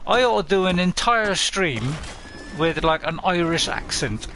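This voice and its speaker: A man's voice: high-pitched, animated, measured pace, fairly bright tone, a little hiss or hum. A man chatting casually on a live game stream, playful and rambling, laughing often.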